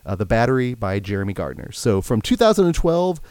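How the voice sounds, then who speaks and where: A man's voice: mid-range voice, very animated, a little fast, darkish tone, clear, resonant tone, dry recording. A man hosting a podcast who chats casually about films and steers the conversation along. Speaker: podcast host. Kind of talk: casual film chat.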